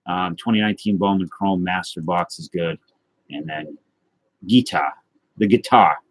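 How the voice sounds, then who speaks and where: A man with a fairly low voice hosts a casual livestream, answering his viewers' comments as they come in. He rambles and jokes at his own expense. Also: measured pace, a little hiss or hum. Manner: rambling, self-deprecating, joking with chat. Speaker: livestream host of a trading card and guitar show.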